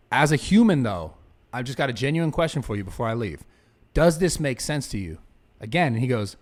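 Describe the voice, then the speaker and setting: A man hosting a casual podcast, telling stories quickly with a lot of swearing. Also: medium pitch. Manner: quick, swearing, animated storytelling. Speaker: podcast host.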